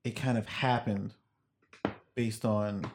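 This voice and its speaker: A man's voice: lowish voice, steady tone, slow pace, background noise. Young man explaining things casually. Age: young adult. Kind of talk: casual chat.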